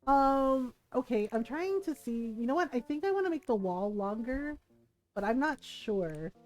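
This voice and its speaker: Female streamer, high mellow voice, chatty and animated, soft music behind. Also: moderate pace, poor audio. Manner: animated, laughs often, acts out quotes. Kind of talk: casual storytelling while gaming.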